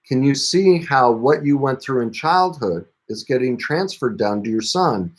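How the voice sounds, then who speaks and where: A man's voice: animated, a little slow. A man, a parenting coach, telling the story of a client session and acting out both sides of the dialogue. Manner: retells dialogue, rising in pitch when quoting himself. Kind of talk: storytelling talk about a client case.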